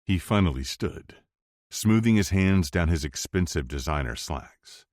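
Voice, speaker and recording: A man narrating a first-person romance audiobook in a low, steady, intense delivery. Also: a little slow, no room sound, clean studio sound.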